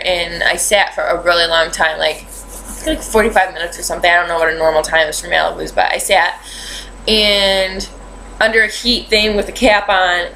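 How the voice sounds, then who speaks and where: A woman's voice: medium pitch, pushed and bright, slight background noise, rough recording. A young adult woman vlogging in a chatty, rambling way, with lots of fillers as she tells a story. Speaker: beauty vlogger. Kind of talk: casual chat.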